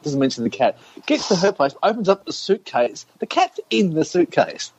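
A man's voice: fairly high pitch, normal speed. Man telling a wild story, lo-fi. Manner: animated anecdote teller, swearing, laughing, acting out quotes. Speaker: podcast co-host. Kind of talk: casual storytelling chat. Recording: slightly dull lo-fi sound with faint noise.

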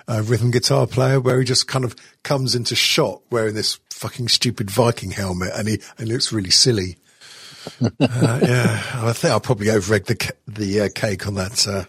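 A middle-aged man hosts a podcast while stoned on edibles, rambling from one thing to the next. He swears freely and giggles between thoughts. His husky voice is recorded dry and close. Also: on the low side, a bit bright, dry recording. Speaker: podcast host. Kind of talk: casual podcast chat.

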